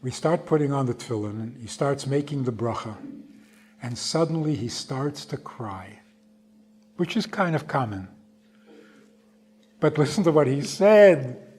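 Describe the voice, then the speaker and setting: A man, a rabbi, giving an unhurried storytelling lecture, stretching key words for emphasis. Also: medium pitch, lively intonation, a little mellow, a little hiss or hum.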